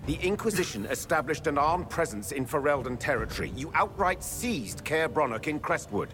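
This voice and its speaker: Cold stern ambassador, sarcastic and accusing, game scene with loud music under him. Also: male voice, fairly high pitch, sing-song, moderate pace.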